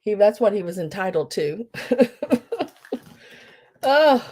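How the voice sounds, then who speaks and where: A woman's voice: medium pitch, expressive, slow pace, darkish tone. A woman hosting a live online sale, telling rambling, chatty stories full of fillers. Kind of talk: casual live-sale chat.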